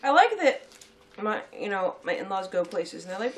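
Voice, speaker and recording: A woman chatting casually as co-host of a sweets-tasting video, talkative and quick to laugh. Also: medium pitch, sing-song, noisy background. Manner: chatty and giggly, reads labels aloud. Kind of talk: casual chat.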